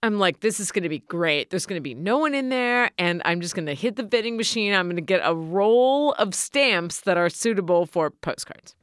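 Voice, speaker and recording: A woman's voice: medium pitch, lively intonation, moderate pace, few pauses, clear, resonant tone, dry recording, clean studio sound. A woman co-hosting a casual chat, telling a story in a chatty, self-mocking way. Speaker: podcast co-host.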